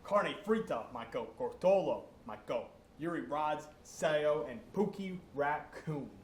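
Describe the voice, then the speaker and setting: A man's voice: a little high, animated, measured pace. A young man co-hosting a casual esports recap, joking as he rattles off player names. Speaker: co-host. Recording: echoey room, faint noise.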